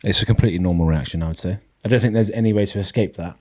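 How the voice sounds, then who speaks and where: A British man co-hosting a podcast, talking in a relaxed, reflective way and giving measured advice. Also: fairly low pitch. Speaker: podcast co-host. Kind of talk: casual chat.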